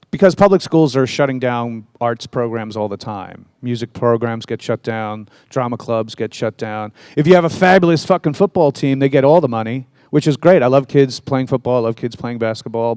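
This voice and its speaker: A man answering questions at a convention panel, joking and swearing in a loose, animated rant. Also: mid-range voice, normal speed, smooth, no echo. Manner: profane, animated, jokey. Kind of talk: casual fan Q&A, rambling rant.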